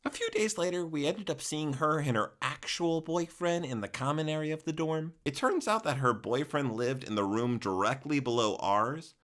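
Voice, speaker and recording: A young man, narrating a comic storytime in an animated, exaggerated way with jokey asides. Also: on the high side, moderate pace, hardly any pauses.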